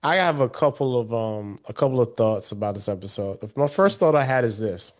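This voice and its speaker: A man co-hosting a casual podcast, sharing his thoughts in a relaxed, measured way. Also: medium pitch. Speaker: podcast co-host. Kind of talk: casual chat.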